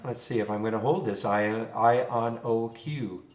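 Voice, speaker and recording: A man's voice: medium pitch, measured pace. Rambling man in a roomy room. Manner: rambling, chuckling, thinking aloud. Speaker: trading room host. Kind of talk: live trading stream chat. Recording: roomy echo.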